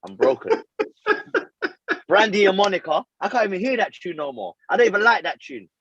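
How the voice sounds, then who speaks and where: Animated man telling a story. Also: high voice, quick pace, husky, dry recording, lo-fi sound. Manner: animated, self-mocking slang-heavy storytelling. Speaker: podcast co-host. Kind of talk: casual storytelling chat.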